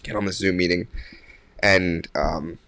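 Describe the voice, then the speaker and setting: A young man tells a story as a podcast guest, in a voice a little lower than most. He rambles with plenty of fillers and restarts. The sound is dry and close. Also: a little slow, no room sound. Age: young adult. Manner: animated when quoting others. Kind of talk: casual storytelling.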